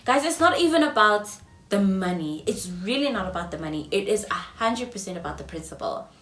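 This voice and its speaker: A young South African woman in her twenties telling a storytime vlog, swinging between loud outbursts and hushed whispers. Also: medium pitch, lively intonation, a little fast, soft background music. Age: 20s. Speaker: vlogger. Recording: roomy echo, mic at a distance, faint ambience.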